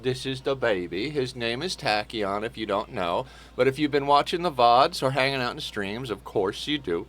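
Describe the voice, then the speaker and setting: A man's voice: mid-range voice, moderate pace, few pauses, a bit bright, a little hiss or hum. Chatty swearing man streaming a game. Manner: chatty, swears casually, rambling restarts. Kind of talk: casual gameplay commentary.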